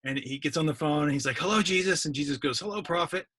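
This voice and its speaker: A wry man co-hosting a podcast, with a bright, husky voice that sits a bit high. He tells jokes in an easygoing way. The sound is dry, with no room around it. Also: fast, dry recording. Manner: wry, joking storyteller. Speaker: podcast co-host. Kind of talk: casual chat, telling a joke.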